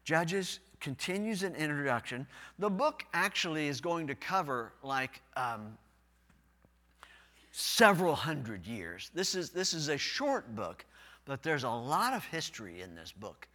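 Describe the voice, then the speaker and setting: Man, pastor, folksy animated sermon, raised pitch, long echo of a church hall. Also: a little slow. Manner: folksy, animated preaching that swells loud on key words. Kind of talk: preaching a sermon.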